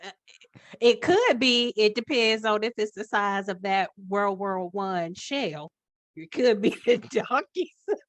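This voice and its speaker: A woman on a casual podcast, her mid-pitched voice recorded close and dry. She eases in with fillers before landing a deadpan quip. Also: slow pace, no room sound. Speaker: podcast co-host.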